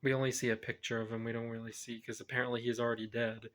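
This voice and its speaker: A man's voice: mid-range voice, flat delivery, quick pace, fairly bright tone. A man reviewing a film, retelling its plot casually in a rambling way and often correcting himself. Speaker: movie reviewer.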